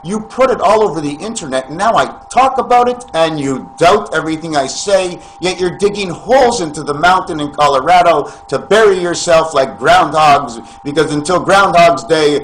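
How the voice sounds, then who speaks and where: Speaking at a moderate pace with barely a pause, this male vlogger has a fairly high voice and rambles on camera about spiritual matters, preaching, posing rhetorical questions, and addressing everyone as friends. The rough recording carries a faint hiss or hum.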